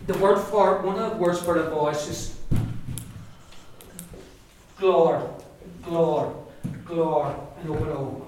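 A man with an Irish accent teaching a pronunciation lesson, repeating words slowly for the class to echo. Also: high-pitched, far from the mic, noisy background. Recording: echoey classroom, voice from afar.

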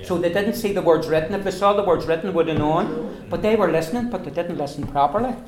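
A man leads a pronunciation lesson and says each word several times so the class can hear it. His voice sits a little high. The classroom is echoey and has a faint hiss. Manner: drills words by repeating them slowly. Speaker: Irish language teacher.

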